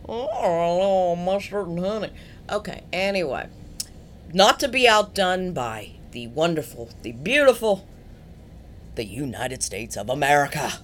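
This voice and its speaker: A woman co-hosting a casual podcast, playful and quick to laugh. Her pitch swoops around in a lively way as she sets up each clip. Faint noise sits behind her voice. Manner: animated and playful, laughs often. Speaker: podcast co-host presenting clips.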